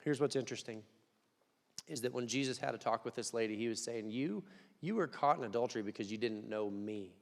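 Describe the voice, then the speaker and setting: A young man preaching a conversational sermon, dropping to quiet asides and rising to loud, emphatic peaks. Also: mid-range voice, brisk, vocal fry. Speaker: pastor. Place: church hall. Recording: long hall reverb.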